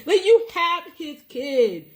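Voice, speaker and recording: A woman with a high, lively voice that swoops up and down. She talks in a casual, animated way, laughing and acting out quotes as she goes. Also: slow. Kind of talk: casual reaction chat.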